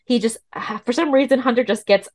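A woman's voice: on the high side, a little fast, a little mellow. Laughing, chatty woman podcast co-host. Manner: chatty storyteller, laughs often. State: pregnant. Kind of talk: casual chat.

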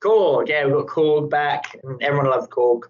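A man's voice: a little high, normal speed, dull audio. A man chatting casually as a podcast co-host, rambling with many fillers, laughing often and swearing freely. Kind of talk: casual chat.

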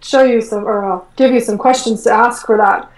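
As a guest in a casual conversational interview, a woman who coaches energy work tells stories in an animated way, acting out her own words and thoughts and using lots of "like" and "um." Her fairly high voice moves at normal speed and sounds distant from the mic in an echoey room.

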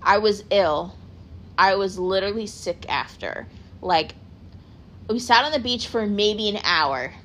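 A woman's voice: medium pitch, lively intonation, a little slow, a bit bright, a little hiss or hum. A young adult woman hosting a podcast, rambling casually on her own, peppering her talk with "like" and correcting herself as she goes. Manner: rambling, heavy use of "like", self-correcting. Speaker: podcast host. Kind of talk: casual solo chat.

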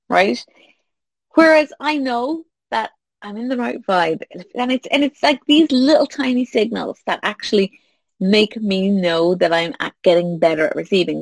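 A business coach talks casually to her listeners in a mid-range voice with vocal fry, at a moderate pace and with no echo. She's animated, acting out little quoted exchanges and laughing.

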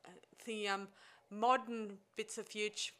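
A woman's voice: mid-range voice, little pitch movement, a little slow, bright, forceful tone, clear, resonant tone. A woman recapping a film scene by scene in casual chat, enthusiastic and rambling, with many fillers and restarts.

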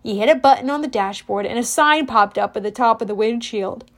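A woman narrating an audiobook in first person, wry and expressive. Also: a little high, fairly quick.

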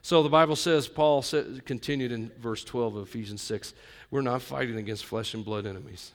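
In front of a live congregation, a male pastor gives a sermon that feels conversational and includes joking asides, shifting from loud emphasis to quiet intimacy. His pitch is medium and his pace a little fast.

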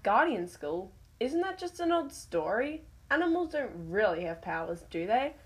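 A woman's voice: fairly high pitch, very animated, moderate pace. A woman reading the lines of a proud, restless young female cat in a storybook tale, indignant and full of questions.

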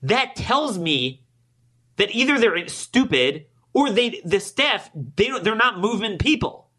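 A man hosting his own political podcast, talking alone to his listeners, growing emphatic and climbing higher when he gets indignant, and acting out both sides of past conversations. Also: big pitch swings, measured pace, sharp tone, breathy edge. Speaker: podcast host. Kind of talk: political commentary monologue.

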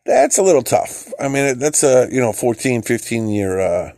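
A man's voice: mid-range voice, sing-song, moderate pace, warm tone, no room sound, studio quality. Heated, profane man ranting. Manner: profane, heated, repeats words, restarts sentences. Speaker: podcast host. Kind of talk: opinionated political rant.

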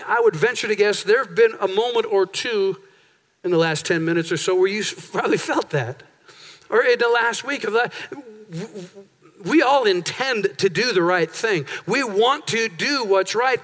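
A man preaching a sermon as pastor in a church, telling stories and jokes in an animated way. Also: very high-pitched. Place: church sanctuary.

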